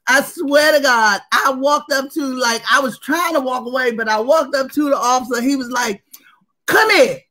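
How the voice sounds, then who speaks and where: A woman's voice: high voice, normal speed, hardly any pauses. A woman co-hosting a comedy chat over a video call, telling raunchy stories with big laughs and acted-out voices. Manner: animated, laughing, acts out other people. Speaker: comedy show co-host. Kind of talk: raunchy comic storytelling.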